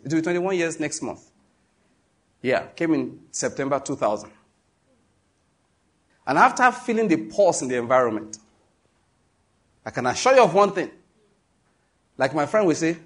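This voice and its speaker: A Nigerian man preaching with a Nigerian accent, his voice a little raised in pitch and husky around the edges. He drives his points home emphatically, reads scripture at a slow, deliberate pace and trades jokes with the congregation. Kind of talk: sermon.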